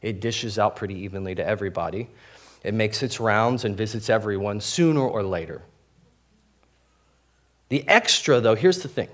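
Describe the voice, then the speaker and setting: A man's voice: on the low side, expressive, normal speed, pauses often, fairly bright tone. A young man preaching a sermon as pastor, candid and self-deprecating, talking casually with many fillers and restarts. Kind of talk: conversational sermon.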